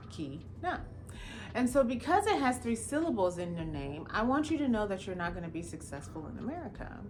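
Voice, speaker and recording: A prim, condescending English teacher, quoted by a woman telling a story. She talks down slowly, as if lecturing. Her voice sits in a middle pitch. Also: noisy background. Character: condescending female high school English teacher.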